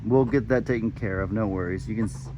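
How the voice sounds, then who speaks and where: A man's voice: fairly low pitch, quick pace, noisy background. A man, chatting casually to viewers on his farm vlog. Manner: laid-back, talks to viewers as y'all. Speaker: farm vlogger. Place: outdoors on a farm.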